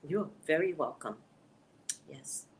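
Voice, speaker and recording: Lively low-voiced woman chatting on a live stream. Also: slow pace, slight background noise. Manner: exclamatory, laughs often, calls on the Lord. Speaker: psychic reader hosting a live stream. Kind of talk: casual live-stream chat with viewers.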